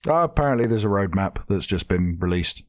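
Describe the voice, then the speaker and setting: A podcast co-host with a Portsmouth English accent, doing a blustering pirate voice with shouted, growling lines. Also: male voice, deep voice, lively intonation, a little fast. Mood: gruff. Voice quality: gravelly, rasping. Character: gruff rowdy male pirate.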